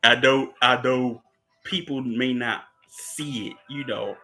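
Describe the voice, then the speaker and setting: A man's voice: medium pitch, fairly even intonation, slow, sharp tone, soft background music, poor audio. A man with a Southern US accent casually recapping and discussing a TV series, rambling with lots of fillers and frequent laughs. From United States. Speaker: show host. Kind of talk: casual movie recap and commentary.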